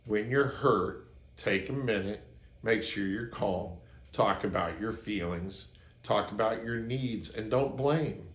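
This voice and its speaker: A man's voice: lowish voice, slow pace. Earnest man giving relationship advice, roomy sound. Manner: earnest, anecdotal, acts out quoted lines. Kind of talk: advice monologue to camera.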